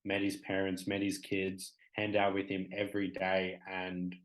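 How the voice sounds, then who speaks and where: A low-sitting male voice delivers everything completely flat at a measured pace, heard through a low-quality recording. He's an Australian man in his twenties, a talk show guest who speaks candidly and rambles, full of fillers.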